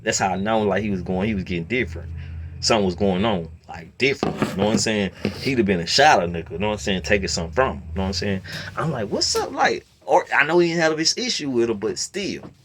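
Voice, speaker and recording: A man telling a long story in a casual rant, slipping between low muttering and loud outbursts. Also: animated, fast talker, noisy background. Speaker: storyteller host.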